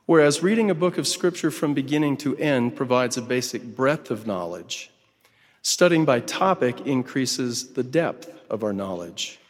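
Measured male preacher in a reverberant hall. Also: medium pitch, lively intonation. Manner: measured, emphatic delivery with deliberate lists. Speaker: church speaker. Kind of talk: sermon.

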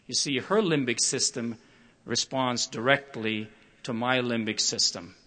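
An older man with a mid-range voice gives a prepared public talk, measured and expressive, acting out quoted voices as he tells stories.

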